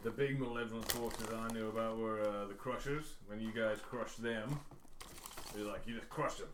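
Halting man playing a tabletop game. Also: lowish voice, steady tone. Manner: rambling, halting. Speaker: player. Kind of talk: improvised tabletop role-play. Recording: echoey room, faint noise.

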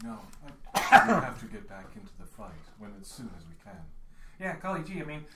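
A rambling, stammering laser superhero, played by a man, folksy and jittery. His pitch jumps all over the place. The room is echoey, with noise behind. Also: animated, brisk. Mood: nervous. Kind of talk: live improv comedy.

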